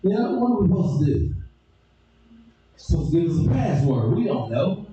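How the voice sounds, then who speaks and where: A man doing stand-up, telling stories and acting out people with sudden shouts. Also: normal speed, heavy reverb, recorded from a distance, muffled recording. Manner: animated, acts out characters with sudden shouted high squeals. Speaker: stand-up comedian. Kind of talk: stand-up storytelling.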